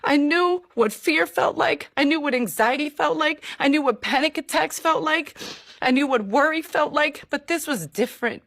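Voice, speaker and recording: A woman telling her personal conversion testimony, earnest and emotional, with halting restarts. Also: high voice, fairly bright tone, no echo, studio quality. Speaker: person giving a faith testimony.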